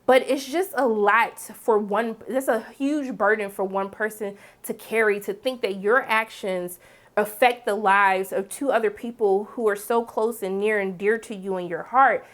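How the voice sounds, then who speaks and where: A young woman giving a chatty, animated spoken review of a TV episode, with lively asides. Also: mid-range voice, unhurried. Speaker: TV recap reviewer.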